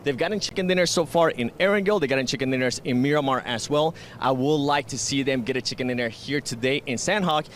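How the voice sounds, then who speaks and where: Man, esports analyst, blunt casual talk, mid pitch, faint background noise. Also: quick pace, few pauses.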